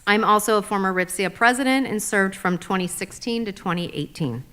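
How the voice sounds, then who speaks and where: A woman's voice: medium pitch, a little fast, fairly bright tone. A middle-aged woman teacher giving formal, organized public comment at a school board meeting.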